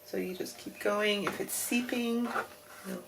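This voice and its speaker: Gravelly-voiced woman crafting. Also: mid-range voice, steady tone, measured pace, background noise. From Australia. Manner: chatty, rambling, self-deprecating, with frequent fillers. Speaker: craft tutorial host. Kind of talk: casual crafting tutorial.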